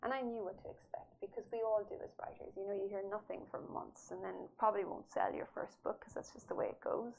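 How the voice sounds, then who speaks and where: Animated woman telling her story. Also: medium pitch, fast, gravelly, hardly any pauses. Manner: animated, laughs often. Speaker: author guest. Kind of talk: casual interview storytelling. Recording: slightly dull audio with faint noise.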